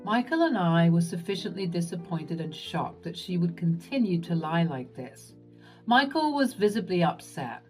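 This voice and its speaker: A woman narrating a first-person story in an expressive, lively way. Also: lowish voice, normal speed, soft background music.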